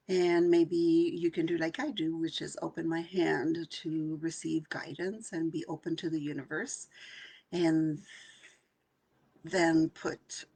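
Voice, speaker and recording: Slow, breathy older woman guiding meditation. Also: sits low. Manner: calm and soft, with some lines half whispered. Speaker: intuitive channeler hosting a live session. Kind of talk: gentle guided meditation talk.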